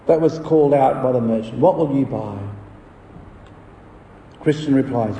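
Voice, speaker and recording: A man's voice: mid-range voice, unhurried, long pauses, warm tone, slight background noise. A male pastor preaching a sermon, asking rhetorical questions and swelling on key phrases. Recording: echoey hall from far off.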